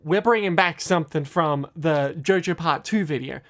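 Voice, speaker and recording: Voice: mid-range voice, normal speed, fairly bright tone, a little hiss or hum. An animator and video creator talking casually on their own channel, rambling with many restarts and fillers and making fun of themselves. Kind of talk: casual commentary vlog.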